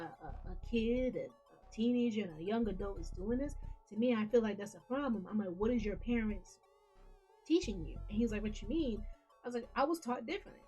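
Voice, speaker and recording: A woman in a mid-pitched voice talks straight to her gaming audience, earnest and rambling, often restarting and repeating herself. The sound is a little dull and lo-fi, with faint music underneath. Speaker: gaming channel host. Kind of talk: casual talk to camera.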